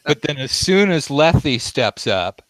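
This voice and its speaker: A man's voice: a little high, sing-song, no room sound, poor audio. A man acting as dungeon master, narrating a tabletop game with many ums and uhs. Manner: halting, full of ums and uhs. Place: home game room on camera.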